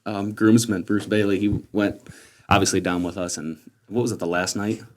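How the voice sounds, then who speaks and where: Laughing male podcast host, low voice. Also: level tone, normal speed, a little hiss or hum. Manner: laughing storyteller. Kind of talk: casual chat.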